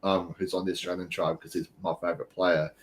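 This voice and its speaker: A man's voice: deep voice, level tone, fast. A man hosting a podcast, chatting casually and laughing often. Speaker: podcast host. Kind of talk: casual chat.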